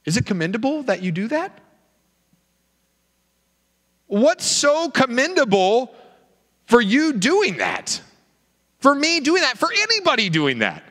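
A male pastor preaching a sermon, animated and full of rhetorical questions. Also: extremely high pitch, unhurried, long pauses. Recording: reverberant hall.

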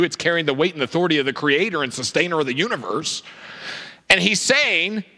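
High, lively preaching man in a hall. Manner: animated preaching with rhetorical questions. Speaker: pastor. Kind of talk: sermon. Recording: reverberant hall.

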